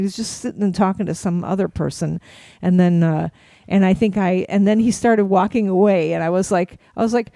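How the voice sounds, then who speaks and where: A middle-aged woman co-hosting a casual chat, telling animated anecdotes and acting out the voices of people she quotes. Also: mid-range voice, brisk, hardly any pauses, no echo. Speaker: co-host.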